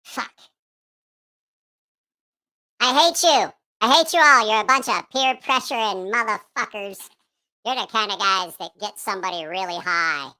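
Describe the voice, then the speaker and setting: A man putting on a squeaky, foul-mouthed puppet voice. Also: lively intonation, unhurried, pauses often, pushed and bright, exaggerated voice. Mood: grumbling. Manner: swearing, grumbling rants. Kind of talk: livestream chat in a put-on voice.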